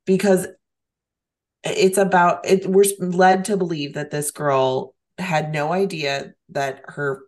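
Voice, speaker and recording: A woman's voice: fairly low pitch, fairly even intonation, slow, darkish tone. A woman co-hosting a casual movie podcast chat, opinionated and blunt, with frequent ums. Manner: opinionated, fillers like um. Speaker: podcast co-host.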